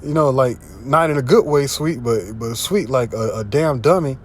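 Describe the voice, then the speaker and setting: A man preaching informally, slangy and profane, often asking if you see what he's saying, and reading scripture louder. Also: normal speed, slight background noise. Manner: louder and higher when reading scripture aloud. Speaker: street preacher. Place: in a car. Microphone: phone.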